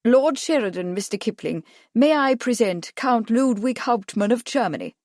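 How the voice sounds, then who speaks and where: A woman reading the lines of a genial, wealthy gentleman fond of hunting. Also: on the high side, expressive, normal speed, dry recording, clean studio sound, voice pushed up, close to an everyday voice. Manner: genial, objecting politely.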